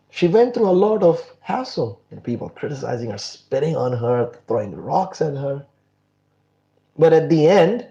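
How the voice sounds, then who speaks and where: A man giving a religious class, telling a devotional story in an animated way and sprinkling his talk with fillers. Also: mid-range voice, lo-fi sound. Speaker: spiritual class speaker.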